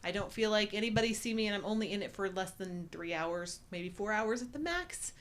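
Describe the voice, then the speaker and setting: A woman from the United States co-hosting a casual livestream chat, telling stories in a chatty, animated way and laughing often. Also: medium pitch, fairly quick. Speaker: co-host.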